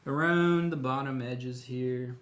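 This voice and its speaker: A man hosting a live painting lesson, walking viewers through each brushstroke in an easygoing, talkative manner. His voice sits at an ordinary middle pitch. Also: slow pace. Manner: relaxed, chatty, step-by-step explaining. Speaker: painting instructor. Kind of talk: live tutorial demonstration.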